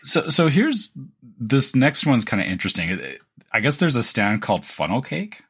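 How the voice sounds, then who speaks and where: A man's voice: medium pitch, big pitch swings, moderate pace, a bit bright, husky. A man co-hosting a podcast in casual chat, enthusiastic and often stumbling over his words. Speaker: podcast co-host.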